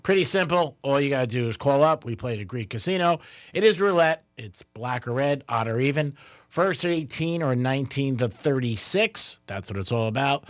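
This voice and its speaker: A man's voice: medium pitch, expressive, moderate pace, dry recording. A man hosting a radio show in a studio, chatting casually with his co-hosts and running a call-in contest. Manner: easygoing, runs contests and reads out phone numbers. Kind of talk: casual talk radio banter. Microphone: studio microphone.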